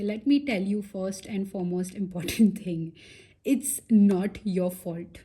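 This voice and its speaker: Slow, mellow-voiced woman reading tarot. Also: medium pitch. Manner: chatty and reassuring, many fillers and asides, drops into soft whispers. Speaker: tarot reader. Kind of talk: casual pick-a-pile tarot reading.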